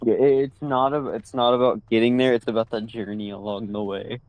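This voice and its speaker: A man's voice: mid-range voice, flat delivery, a little fast, darkish tone, no room sound, low-quality recording. A man chatting casually with a streaming friend, joking and rambling, often losing his thread. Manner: joking and rambling, trails off mid-thought. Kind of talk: casual chat.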